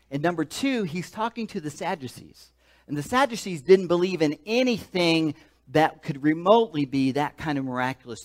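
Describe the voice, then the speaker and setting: A man's voice: on the high side, darkish tone. A man preaching a sermon as pastor, emphatic, often repeating words and restarting his phrases as he retells a story.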